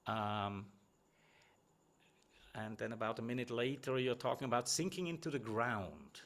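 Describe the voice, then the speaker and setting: A man's voice: medium pitch, lively intonation, measured pace, fairly bright tone. A middle-aged man giving one-on-one feedback as a presentation coach, talking conversationally with frequent tag questions and restarts.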